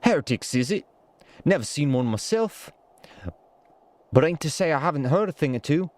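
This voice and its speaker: A man voicing a rough-spoken male soldier for hire in a put-on Irish accent, halting and stumbling over his lines. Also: on the high side, animated, darkish tone, natural voice. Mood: wry.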